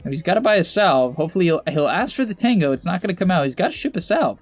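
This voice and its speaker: A young man coaching over a game replay in casual, chatty commentary that bursts into exasperated shouts and laughter. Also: high voice, very animated, quick pace, few pauses, no room sound, soft background music.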